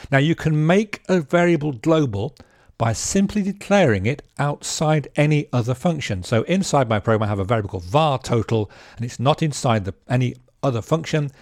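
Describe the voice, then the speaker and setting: A man's voice: mid-range voice, no room sound, clean studio sound. A man casually teaching a programming lesson, chatty with joking asides and frequent ums and restarts. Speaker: programming instructor.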